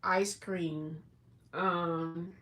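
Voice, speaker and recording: Slow, chatty woman live-streaming at home. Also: lowish voice, fairly even intonation, fairly bright tone. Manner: chatty, slow, drawn-out words, many fillers. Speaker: livestream host. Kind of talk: casual livestream chat, reading labels aloud.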